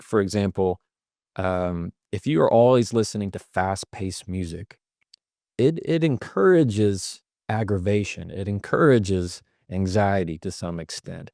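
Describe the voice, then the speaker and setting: Male guest, low-ish voice, dry close sound, explains advice and demos example phrasing. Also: gravelly, darkish tone, no echo. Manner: illustrates points with acted-out sample lines. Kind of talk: conversational advice.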